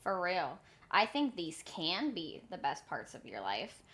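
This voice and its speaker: A woman's voice: fairly low pitch, big pitch swings, a little slow, fairly bright tone. A woman in her twenties co-hosting a podcast, chatting casually in a blunt, self-mocking way with plenty of swearing. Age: 20s. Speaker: podcast co-host. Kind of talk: casual chat. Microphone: remote call.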